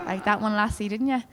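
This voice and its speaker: Dublin woman comic, bright higher voice, brash and sweary, club reverb trailing. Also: heavy background noise. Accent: Dublin Irish. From Ireland. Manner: brash, swearing, conversational storytelling. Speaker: stand-up comedian. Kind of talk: stand-up comedy set. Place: comedy club stage.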